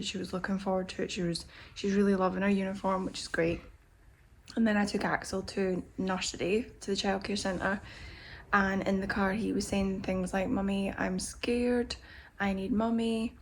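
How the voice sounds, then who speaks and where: A woman's voice: medium pitch, slight background noise. Drained woman vlogging candidly. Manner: candid, rambling, emotional. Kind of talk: confessional vlog chat.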